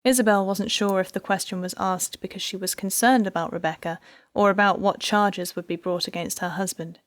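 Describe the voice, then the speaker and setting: A woman narrating an audiobook at a mid pitch, with an even, measured storytelling delivery. The recording is close and dry, with no room sound. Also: no echo. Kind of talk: scripted narration.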